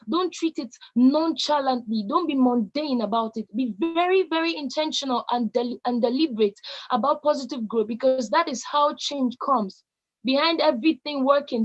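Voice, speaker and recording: High-voiced Nigerian teen girl speaking. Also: muffled recording. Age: late teens. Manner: emphatic, repetitive exhortations. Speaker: youth speaker. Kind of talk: motivational speech.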